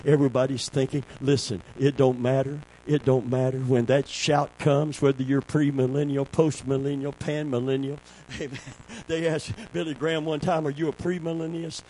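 A man preaching a sermon, calling for amens and swinging between a low hush and a shout. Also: level tone, normal speed, slight background noise, poor audio.

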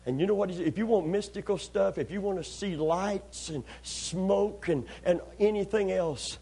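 At normal speed and with a breathy edge, a man preaches his sermon while acting out its scenes. He shifts back and forth between loud excitement and hushed, low tones.

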